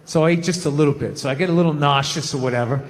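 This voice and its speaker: A man in his fifties doing a profane, rapid-fire stand-up comedy set on stage. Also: on the high side. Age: 50s. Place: large venue on stage. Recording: reverberant hall with live audience.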